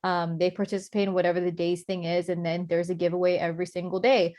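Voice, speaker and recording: A woman's voice: lowish voice, little pitch movement, quick pace, a little mellow. A woman speaking casually to her sales team on a video call, leaning heavily on "like" and "um". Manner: chatty, heavy on "like" and "um". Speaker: network marketing promoter. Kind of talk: casual Zoom team talk.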